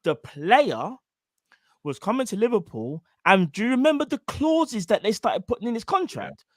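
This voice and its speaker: A man, hosting a casual football chat in an animated, slangy, jokey way. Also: high-pitched, normal speed, no room sound, studio quality. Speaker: show host.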